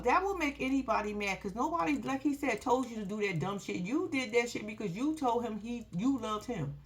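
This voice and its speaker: A woman chatting casually as she recaps a show for her viewers. Her pitch swings widely and she sounds animated. She swears freely and throws in frequent asides straight to the audience. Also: a little fast, hardly any pauses. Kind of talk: casual chat.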